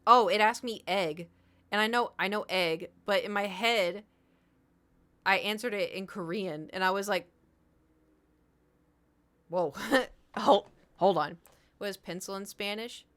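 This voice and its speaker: A woman's voice: medium pitch, moderate pace, pushed and bright. Chatty woman streamer in her thirties. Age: 30s. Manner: chatty, rambling storytelling with frequent laughs. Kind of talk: casual chat to a live stream.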